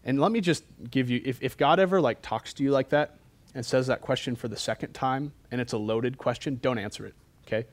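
A male preacher giving a sermon in an animated, colloquial, joking way, often breaking off and restarting his sentences. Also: medium pitch, brisk.

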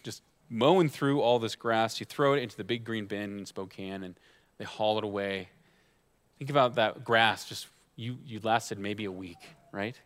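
A man in his thirties delivers a sermon at an average pitch. He talks to the congregation like a friend, asking rhetorical questions and dropping wry asides before landing each point. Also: fairly bright tone. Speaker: guest pastor.

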